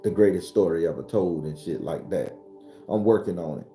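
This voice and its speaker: A man giving a blunt, profane, preachy spiritual talk, whose voice climbs and gets loud when he is fired up. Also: deep voice, moderate pace, echoey room, faint music behind. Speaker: spiritual teacher.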